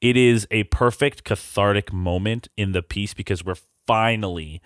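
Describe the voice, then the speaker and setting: Casual podcast host, mid-pitched, dry close mic, slangy. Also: moderate pace, clean tone, no echo. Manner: chatty, uses slang. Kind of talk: casual movie discussion.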